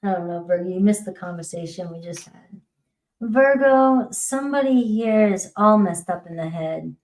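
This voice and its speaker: A woman's voice: medium pitch, animated, normal speed, darkish tone, low-quality recording. A woman giving a casual tarot reading to camera, chatty and laughing often. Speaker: tarot reader.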